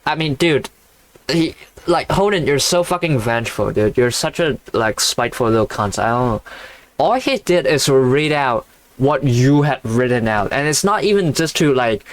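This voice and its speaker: A man reading a novel aloud haltingly and breaking off into blunt, casual, swearing commentary. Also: medium pitch. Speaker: reader reacting to a novel.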